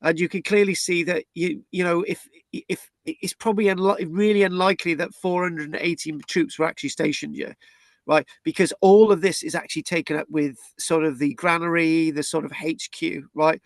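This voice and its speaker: A man's voice: fairly high pitch, fairly even intonation, moderate pace, creaky, no echo. A man from Britain presents archaeology, explaining a site plan in a rambling way with restarts and frequent tag questions.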